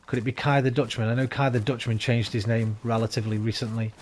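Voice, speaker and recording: A man's voice: medium pitch, steady tone, fast, a little mellow, a little hiss or hum. A tired man chatting and rambling casually to his viewers while streaming a game. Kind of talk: casual live-stream chat while gaming.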